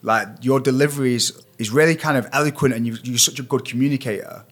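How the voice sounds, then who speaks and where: A man's voice: mid-range voice, fairly even intonation, fast talker, a bit bright. A man hosting a podcast, asking eager, enthusiastic questions. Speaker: podcast host. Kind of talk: podcast interview.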